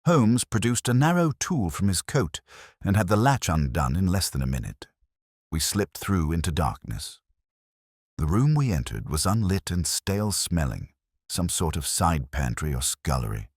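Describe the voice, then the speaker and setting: A man narrating a detective tale in a measured, scripted style. His voice is extremely deep but moves lively through its pitch. The sound is dry, close, and free of room echo. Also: slightly rough. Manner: measured storytelling.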